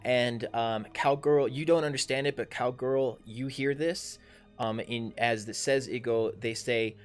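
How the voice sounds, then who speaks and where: Thirties game master, plain mid voice, hesitant delivery, faint music underneath. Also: male voice, medium pitch, steady tone, a little slow, clear, resonant tone. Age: 30s. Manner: hesitant, many um and uh fillers. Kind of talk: narrating a tabletop game.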